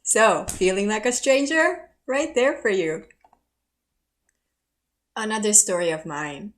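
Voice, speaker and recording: A woman's voice: medium pitch, sing-song, takes it slowly. A middle-aged woman giving a history lecture and telling personal stories, laughing at herself now and then. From South Korea. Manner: warm, storytelling, laughs at herself.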